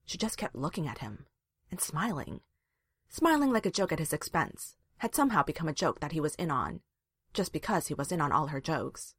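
Low-voiced woman reading a story. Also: very animated, brisk, slightly rough, dry recording, clean studio sound. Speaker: reader. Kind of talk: reading fan fiction aloud.

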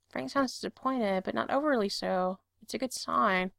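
A woman narrating a story aloud in a calm, steady voice. Her tone has a gravelly fry to it. The recording is close and dry with no room sound. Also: fairly high pitch, moderate pace, few pauses, no echo. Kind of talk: reading fan fiction aloud.

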